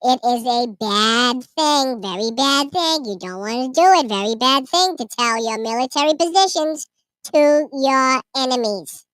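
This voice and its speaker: A man putting on a small child's voice, pitched way up and dragged out slowly, sing-song and simple. The baby talk is scolding and tattling. It sits right on a dry, close mic. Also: pushed and bright, smooth, no echo, full character voice. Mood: mock-earnest.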